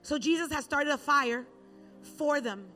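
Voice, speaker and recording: High-voiced woman preaching conversationally. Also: a little slow, pushed and bright, soft background music. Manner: conversational storytelling with acted Bible quotes. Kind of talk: sermon.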